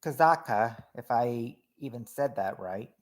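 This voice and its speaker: A man hosts a casual game night stream, ruling on guesses one after another. His voice sits in an ordinary middle pitch. He talks in a chatty, halting way, restarting words and letting lines trail off quietly. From Kentucky. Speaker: game host reading out guesses. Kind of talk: casual livestream game commentary.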